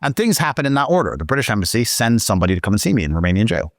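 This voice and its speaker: Man, casual storytelling, swearing, lively swooping pitch, dry close sound. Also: racing, no room sound. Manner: profane, indignant, animated. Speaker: guest storyteller.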